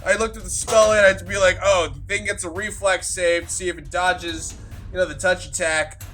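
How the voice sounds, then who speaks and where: A man with a high voice tells a tabletop game recap as its game master. His telling is loose and rambling, with lots of filler and swearing. Now and then he breaks into sudden loud bursts. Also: steady tone, a little fast, faint music behind. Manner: rambling and profane, full of "like" fillers. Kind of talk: casual session recap storytelling.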